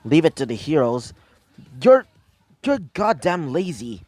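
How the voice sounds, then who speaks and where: A man's voice: fairly high pitch, very animated, measured pace, a little mellow, dry recording. A man voicing a brash, hot-headed teenage boy who swears and speaks bluntly. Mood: scornful.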